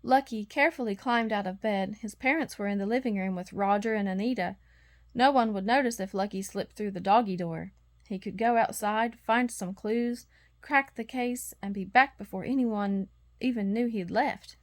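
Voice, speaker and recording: A woman reading a bedtime storybook aloud, expressive and acting out the sound effects. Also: mid-range voice, normal speed. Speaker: storybook reader.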